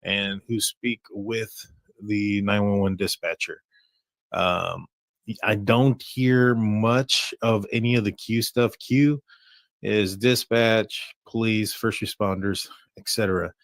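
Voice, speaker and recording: A man with a fairly low voice hosts a true crime stream, picking his way through the details with plenty of "um"s and restarts. The sound is dry and close to the mic. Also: steady tone, no room sound. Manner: halting, many fillers and restarts. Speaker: true crime livestream host. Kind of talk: casual commentary on a case.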